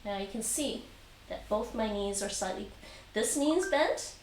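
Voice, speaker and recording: A woman's voice: a little high, expressive, unhurried. Woman coaching taekwondo from across a room. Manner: patient, repeats instructions, counts reps aloud. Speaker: taekwondo instructor and streamer. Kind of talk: live-streamed home exercise lesson. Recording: roomy echo, distant mic, faint noise.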